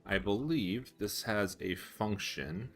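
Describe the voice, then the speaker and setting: A young man chatting casually on a live stream while coding, telling stories with a self-amused, animated manner. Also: takes it slowly. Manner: animated, self-amused storyteller with laughs and squeaky pitch jumps. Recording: faint music behind.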